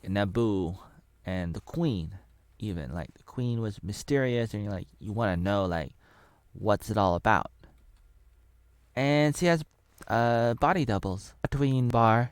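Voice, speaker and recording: A man in his thirties chats through a movie review in a rambling, offhand way. His voice is smooth and resonant, and the recording is dry, with no room sound. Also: fairly low pitch, animated, slow, no room sound. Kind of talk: casual spoken movie review.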